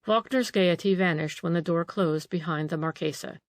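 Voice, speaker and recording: A woman narrating a novel audiobook in an even, measured storytelling voice. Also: on the low side, dry recording.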